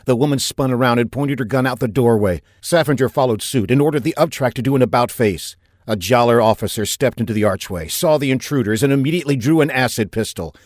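A man narrating a science fiction audiobook in a steady, even storytelling manner on a close mic. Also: mid-range voice, no room sound. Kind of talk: scripted narration.

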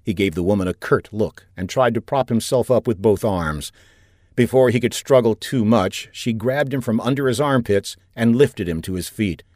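A man narrating a science fiction audiobook in a steady, even storytelling manner on a close mic. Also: fairly low pitch, normal speed, dry recording. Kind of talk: scripted narration.

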